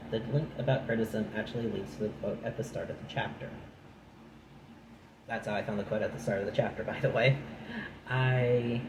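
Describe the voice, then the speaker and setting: A man with a fairly low voice reads a nonfiction book aloud, then drifts into chatty, dry remarks of his own. The recording is echoey, with steady noise behind him. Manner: breaks off from reading into chatty, dry asides. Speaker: channel host reading a book aloud. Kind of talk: reading a nonfiction book aloud with casual commentary.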